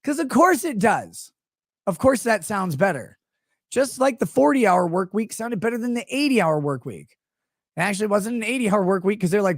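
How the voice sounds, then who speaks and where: A man hosting a commentary show launches into a profane, sarcastic rant, his pitch swinging widely as he jeers. The sound is close and dry, with no room around the voice. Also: sing-song, moderate pace, no echo. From United States. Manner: profane, sarcastic, mocking asides. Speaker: show host. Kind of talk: ranting political commentary.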